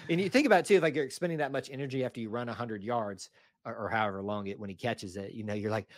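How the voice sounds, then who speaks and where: A man's voice: medium pitch, very fast, no room sound. Guy hyping his team on a podcast, chatty, folksy, dry sound. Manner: chatty and enthusiastic, with folksy exclamations. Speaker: podcast co-host. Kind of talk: casual sports podcast chat.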